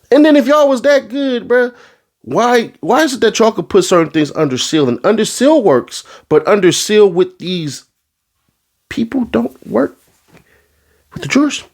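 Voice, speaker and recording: A man doing a casual commentary rant, full of street slang, who swings from low asides into high, exasperated outbursts. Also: animated, unhurried, a little mellow. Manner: street slang, addresses the audience as bro. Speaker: commentary vlogger.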